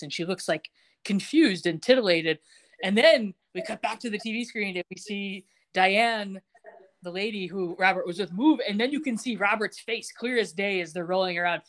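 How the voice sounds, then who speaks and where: Woman animatedly retelling a TV plot. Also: a bit bright. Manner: acts out characters' lines with shifting pitch, laughs often. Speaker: podcast co-host recapping a TV episode.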